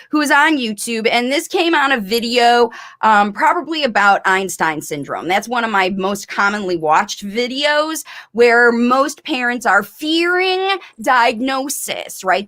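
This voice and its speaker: Fast-talking woman with a bright voice. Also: fairly high pitch. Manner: fast, emphatic, encouraging. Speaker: speech-language pathologist host. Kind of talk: live-stream coaching talk.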